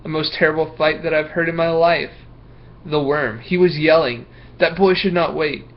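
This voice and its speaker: A man's voice: fairly high pitch, fairly even intonation, moderate pace, dull audio, voice pushed up, natural voice. A man doing a stammering, nervous schoolboy. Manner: stammering, hesitant, fillers. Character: young schoolboy, nervous, full of excuses. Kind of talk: reading a picture book aloud.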